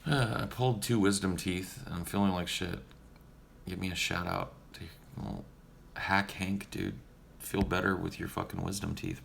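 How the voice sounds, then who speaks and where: A man's voice: sits low, gravelly, a bit bright, slight background noise. A young man casually answering viewer questions on a livestream in a profane, joking, laid-back way.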